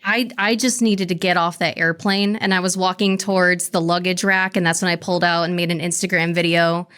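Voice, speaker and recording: Woman telling an animated story. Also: on the low side, brisk, smooth. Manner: animated retelling with quoted voices. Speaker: in-studio guest telling her story. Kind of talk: casual storytelling.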